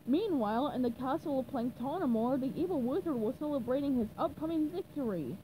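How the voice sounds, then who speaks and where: High, animated woman reading a storybook. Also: a little hiss or hum, low-quality recording. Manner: slow, animated narration. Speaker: storybook reader.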